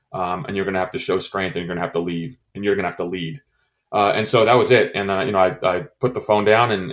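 A middle-aged man from the United States, a former intelligence officer, recounting a personal story in an interview, halting with many fillers and restarts. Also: low-pitched. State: choked up.

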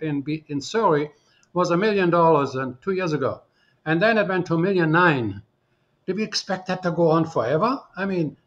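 A man from Canada speaking as a guest on a radio interview, animated and full of rhetorical questions. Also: fairly high pitch, lo-fi sound. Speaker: real estate commentator guest.

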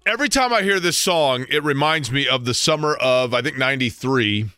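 Brief: sports radio host, late 40s, mid-pitched man, dry close studio sound, lively storyteller. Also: fairly quick, clear, resonant tone, dry recording, soft background music. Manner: storytelling, animated in quoted bits. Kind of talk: casual radio talk.

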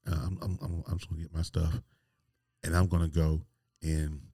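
Man, forties, podcast storyteller, candid and rambling, low voice, dry sound. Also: flat delivery, moderate pace, warm tone, slightly rough, dry recording. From North Carolina. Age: 40s. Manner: candid, rambling, with frequent restarts and laughs. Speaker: podcast host. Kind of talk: personal storytelling monologue.

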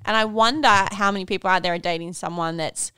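A woman's voice: medium pitch, fast, smooth, no room sound. A woman in her thirties from Australia, co-hosting a podcast and telling a story with lots of laughter. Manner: giggly, animated storytelling. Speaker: podcast co-host. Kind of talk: casual chat.

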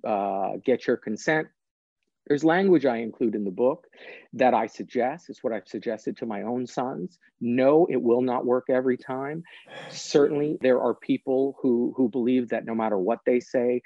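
A man's voice: medium pitch, mellow, no echo, muffled recording. A man, a guest author and prosecutor, explaining practical steps in an earnest, plain-spoken way during a podcast interview.

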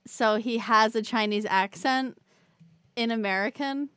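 A woman's voice: on the high side, measured pace, a bit bright, smooth, dry recording, studio quality. A woman co-hosting a podcast in giggly, teasing casual chat. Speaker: podcast co-host.

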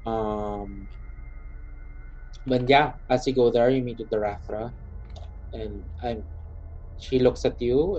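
A man leads a tabletop adventure as game master, pausing often with ums. His voice is warm and mellow. The recording sounds dull and lo-fi, with faint music underneath. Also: medium pitch. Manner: hesitant, many ums.

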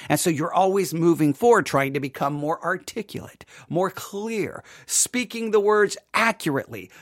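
A woman's voice: medium pitch, fairly bright tone, no echo, clean studio sound. A woman hosting a podcast Bible lesson, talking it through conversationally and often checking in with her listeners. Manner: conversational, keeps checking in with "right?". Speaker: Bible study teacher and podcast host.

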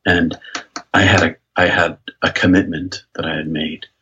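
A man's voice: sits low, flat delivery, normal speed, bright, forceful tone, a little hiss or hum. An American pastor talking as an interview guest, telling a personal story earnestly and reflectively, often restarting his phrases. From United States. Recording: dull lo-fi sound.

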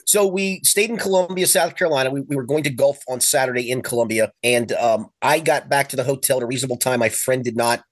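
A man's voice: mid-range voice, fast talker, few pauses, dry recording. A man hosting a sports podcast, telling stories in a casual, chatty way and acting out the lines of friends. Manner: animated anecdotes, acts out quoted friends. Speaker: podcast host, sports columnist. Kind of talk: casual sports chat, storytelling.

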